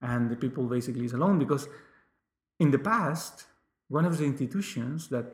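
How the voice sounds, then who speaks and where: A man, a guest talking casually in an interview and stopping often to search for words. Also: mid-range voice. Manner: halting, searching for words with many fillers. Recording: roomy echo.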